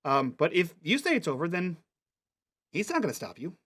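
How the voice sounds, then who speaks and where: A man's voice: fairly high pitch, sing-song, moderate pace, a bit bright, husky, voice pushed up, exaggerated voice. A man voicing an eager, bossy young princess girl who talks very officially in a tabletop game. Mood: playful.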